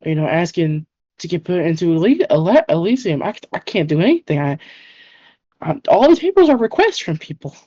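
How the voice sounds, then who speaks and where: A woman's voice: low voice, animated, brisk, warm tone, no echo. A woman voicing an overworked, short-tempered goddess who rules the underworld, snapping orders and swearing in exasperation. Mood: overwhelmed. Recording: dull muffled audio.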